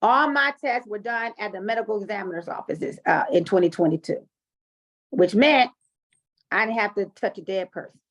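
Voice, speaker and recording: A woman hosting a group coaching call, talking in an animated, chatty way with frequent fillers as she explains and tells stories. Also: mid-range voice, moderate pace. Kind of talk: coaching talk and personal storytelling. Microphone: online call audio. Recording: dull lo-fi call audio.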